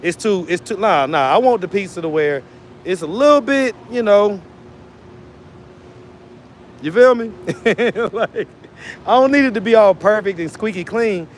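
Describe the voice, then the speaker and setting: Man, 40s, loose slangy livestream chatter, slightly high voice. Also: animated, a little slow, pauses often, a little hiss or hum. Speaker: street interviewer and livestream host. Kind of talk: casual livestream chat.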